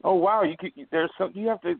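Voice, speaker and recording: A man's voice: sits high, quick pace, vocal fry, no room sound. A middle-aged man calling in to a radio show, loose, playful and laughing as he talks. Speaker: caller. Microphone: phone. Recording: tinny phone line.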